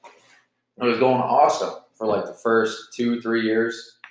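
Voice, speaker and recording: A man's voice: mid-range voice, level tone, slow. Rambling, profane young man in an echoey room. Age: 20s. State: jittery from caffeine. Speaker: podcast host. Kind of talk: casual solo podcast monologue.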